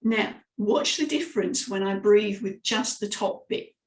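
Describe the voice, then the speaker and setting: Brief: animated female speaking coach, demonstrating exercises, roomy echoey sound. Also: medium pitch, measured pace. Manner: lively, demonstrative, guides listeners through exercises. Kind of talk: live vocal warm-up lesson. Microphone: microphone, sometimes stepping close. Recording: roomy echo.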